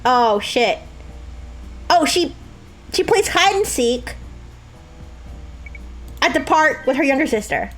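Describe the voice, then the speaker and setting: High-pitched, lively woman streamer. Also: slow, pauses often, soft background music. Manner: joking, laughs a lot, high squeals. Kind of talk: casual game commentary.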